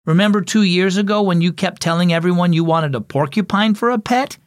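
A man's voice: high-pitched, no room sound, pitched above the performer's own voice, lightly acted. A man voicing a spirited, hot-tempered young girl in a children's audio story. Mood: chatty. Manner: excitable, quick to flare up.

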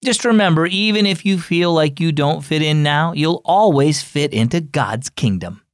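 A man's voice: fairly high pitch, lively intonation, moderate pace, no room sound, studio quality. A man hosting a children's devotional show, reading a story in a cheerful, upbeat scripted narration. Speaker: host.

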